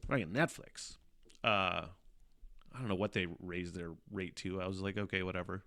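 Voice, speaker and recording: A man's voice: low-pitched, moderate pace, bright, forceful tone. A man hosting a casual solo podcast, rambling and swearing a lot, often laughing and sighing in exasperation. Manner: sighs and mutters in exasperation. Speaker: podcast host.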